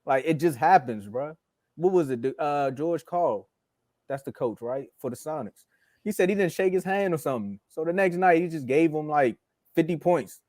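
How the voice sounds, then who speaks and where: A man co-hosting a casual sports podcast, telling stories in a relaxed way with laughs. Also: fairly high pitch, moderate pace, dry recording, clean studio sound. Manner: relaxed storytelling, laughs, says bro. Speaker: podcast co-host.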